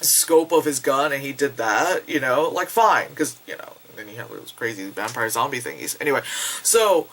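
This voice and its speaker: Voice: mid-range voice, lively intonation, moderate pace, a bit bright, slight background noise. A young adult rambling through a casual movie review vlog, packed with fillers and swearing. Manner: rambling, filler-heavy, profane.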